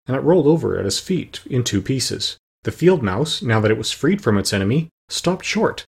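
A man reads a storybook aloud in a steady, plain narrating voice, with a small slip now and then. His tone is husky and sits at an ordinary male pitch. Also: moderate pace. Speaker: audiobook narrator.

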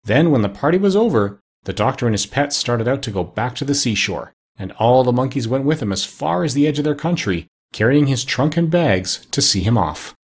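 A man narrating a children's storybook aloud in an expressive, measured reading. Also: mid-range voice, slightly rough.

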